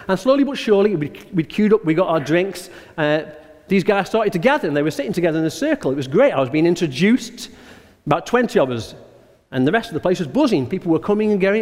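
A man, a pastor preaching a sermon with lively storytelling and slowed, emphatic punchlines. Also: on the high side. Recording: long hall reverb.

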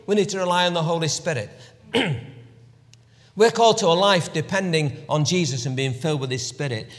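A man preaching A preacher with a fairly high voice, telling the story with animated emphasis before sinking into hushed, reflective passages. He clears his throat often, and his voice rings with a long reverb, as if filling a church hall. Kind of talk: sermon.

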